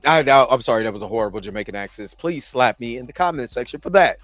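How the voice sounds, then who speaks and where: A man's voice: medium pitch, lively intonation, fast, a bit bright, no room sound, faint music behind. A man hosting a show, recapping a TV episode in a casual, conversational way and often asking "you know what I mean". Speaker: show host reviewing a TV episode.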